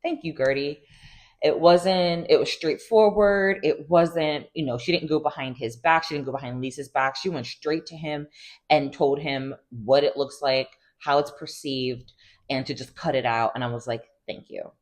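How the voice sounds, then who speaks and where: A woman with a notably low, deep voice runs through a reality TV recap in a loose, gossipy way. She leans on "like" constantly and drifts into asides while she tells it. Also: fairly even intonation, moderate pace. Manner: chatty and gossipy, heavy use of "like", laughs often. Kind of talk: casual TV recap chat.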